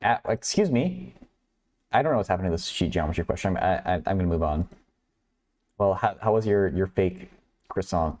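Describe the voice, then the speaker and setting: A man's voice: deep voice, expressive, moderate pace, pauses often, a little mellow. A man hosting a math livestream, working through problems aloud while chatting with viewers and laughing often. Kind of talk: casual livestream problem-solving.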